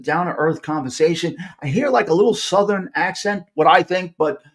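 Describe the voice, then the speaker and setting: A man's voice: on the high side, normal speed. A middle-aged man with a New York accent, hosting a live podcast and telling rambling stories with many restarts. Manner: rambling, self-interrupting, animated storyteller. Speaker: podcast host. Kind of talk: casual storytelling on a live podcast.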